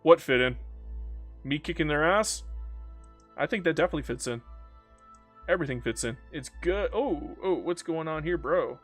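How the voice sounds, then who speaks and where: A man's voice: on the high side, animated, moderate pace, pauses often, fairly bright tone, no room sound, soft background music. A man giving casual, joking commentary while playing a strategy game, talking back to the game. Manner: playful, joking, talks to the game.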